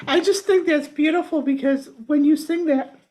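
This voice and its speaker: A woman energy healer speaking earnestly and gently in casual conversation, often repeating words as she gathers her thoughts. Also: high voice, fairly even intonation, normal speed.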